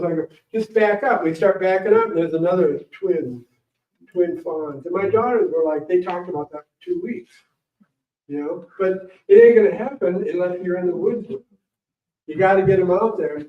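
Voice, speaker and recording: The man at the front of a library meeting room is a morel hunting champion invited as a guest, and he rambles happily through animated anecdotes in a relaxed storytelling talk. His voice is high, his speed moderate. Everything is recorded from a distance, leaving a roomy, dull sound.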